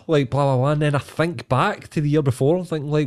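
A man's voice: fairly high pitch, brisk. A Scottish man co-hosting a podcast, chatting casually and telling sweary stories, acting out the people he quotes. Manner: sweary, animated storytelling with acted-out quotes. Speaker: podcast co-host. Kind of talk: casual banter.

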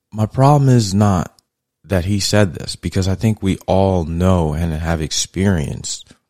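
A podcast host with a low-pitched voice delivers a casual monologue in a blunt, profane, conversational way, growing more heated and louder as he goes. The recording has studio quality with no echo.

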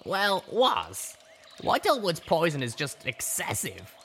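A man's voice: a little high, wildly swooping pitch, measured pace, a bit bright, faint music behind, voice pushed up, full character voice. A man voicing a brash, foul-mouthed teenage female griffin, talking bluntly and crudely in a storybook reading.

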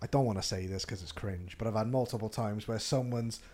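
A man hosting a casual podcast chat, laughing often and letting his voice trail off quietly. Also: on the low side, a little fast. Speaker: podcast host.

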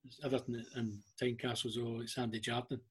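A Scottish man guest in an interview, telling personal stories haltingly, with frequent ums and restarts. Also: mid-range voice, level tone, husky. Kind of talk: emotional storytelling interview.

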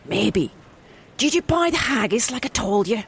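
A man's voice: high-pitched, very animated, moderate pace, vocal fry, husky, pitched above the performer's own voice, exaggerated voice. A man voicing a fed-up Scottish wife nagging her husband over the phone in a put-on Scottish accent. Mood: scolding. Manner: scolding, sharp.

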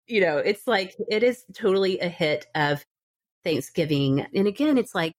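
A woman's voice: fairly low pitch, expressive, moderate pace. A woman in her thirties hosting a podcast, chatting casually and laughing often. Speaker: podcast host. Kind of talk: casual chat.

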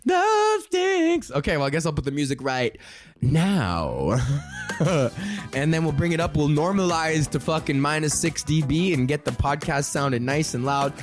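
A young man hosting a casual solo podcast, rambling and swearing as he pitches ideas and laughs at his own jokes. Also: fairly even intonation, brisk, faint music behind. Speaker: podcast host.

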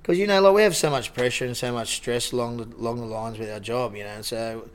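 A man's voice: medium pitch, fast talker. Rambling Australian man telling a story. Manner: rambling, with many restarts and laughs. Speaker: lifeguard guest. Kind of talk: casual storytelling.

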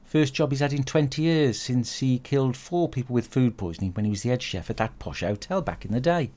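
A man's voice: mid-range voice, animated, brisk, a little mellow. A British man hosting a comedy podcast, reviewing an old film in a crude, sweary, grumbling rant. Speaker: podcast host. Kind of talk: comic film review monologue.

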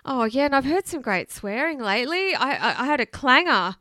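Woman cohost, bright smooth voice, kinda high, laid back storytelling. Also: expressive, fairly quick, no echo, studio quality. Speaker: podcast co-host. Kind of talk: casual chat. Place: Melbourne, Australia.

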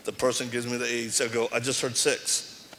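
In a reverberant large hall, a middle-aged preacher addresses a live audience at normal speed in a medium-pitched voice. His sermon is animated storytelling, with the dialogue acted out.

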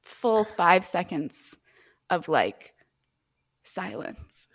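A woman's voice: lowish voice, extremely slow, vocal fry, slightly rough. A woman in her twenties co-hosting a podcast, telling a story in casual chat with frequent laughter and free swearing. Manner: animated, laughing often, swears freely. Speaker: podcast co-host.

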